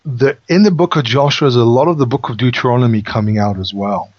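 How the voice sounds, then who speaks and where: A man hosting a Bible study, explaining passages and thinking out loud. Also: medium pitch, quick pace, no room sound. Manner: explanatory, thinks aloud with restarts. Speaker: host and Bible teacher. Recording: dry, dull lo-fi sound.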